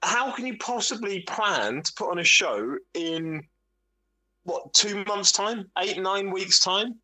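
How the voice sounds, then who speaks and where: A man in frank podcast chat, with a very bright, forward tone and a slightly high voice. He explains at length in a blunt, sweary manner. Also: lively intonation, slow pace, rough recording. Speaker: podcast co-host. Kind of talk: casual chat.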